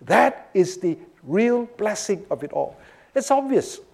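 A man teaching through a psalm verse by verse, animated and often checking in with his listeners. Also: sits high, measured pace, vocal fry. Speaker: Bible teacher. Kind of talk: expository sermon.

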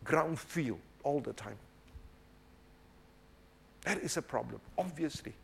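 A man's voice: on the high side, expressive, slow pace, gravelly, fairly bright tone, a little hiss or hum. Emphatic man preaching. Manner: emphatic, rhetorical, keeps asking "right?" and saying "obviously". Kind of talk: sermon.

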